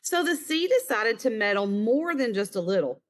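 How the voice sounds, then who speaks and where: A woman reading a children's picture book aloud in an expressive storytelling manner, recorded over a screen share. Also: fairly high pitch, normal speed. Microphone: online screen-share recording.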